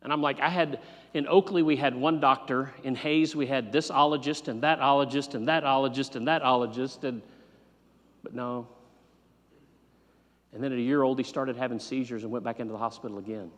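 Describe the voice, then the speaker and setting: A man in his fifties, a pastor preaching a sermon and telling a personal story, swinging between loud animated bursts and quiet low asides. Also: fairly quick. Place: church sanctuary. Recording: long hall reverb.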